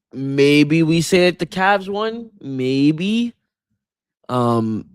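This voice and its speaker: Man, fairly high voice, exasperated, animated, dry close sound. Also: clean tone, no echo. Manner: animated, exasperated, swings pitch widely. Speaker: co-host. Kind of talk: casual sports chat.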